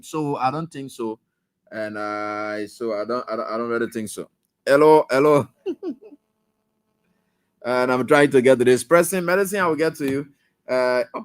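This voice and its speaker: A man hosting a call-in radio show, casual and brisk as he juggles callers. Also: mid-range voice, fairly bright tone, no echo. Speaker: radio talk show host.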